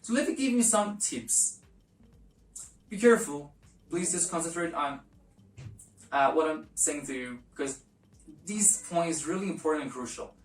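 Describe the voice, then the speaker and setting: A woman teaching a language lesson, explaining slowly and repeating each example with fillers. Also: deep voice, expressive. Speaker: French teacher. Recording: echoey room, distant mic.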